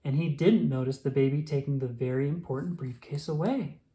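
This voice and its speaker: A woman reading a children's picture book aloud, expressive and slow. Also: very deep voice. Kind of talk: storybook read-aloud.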